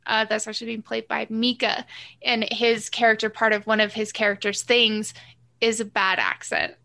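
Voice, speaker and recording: A woman guest with a bright, sharp voice set a little high. She talks with rambling enthusiasm and keeps drifting off on tangents. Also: moderate pace, creaky. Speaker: podcast guest. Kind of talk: casual podcast chat.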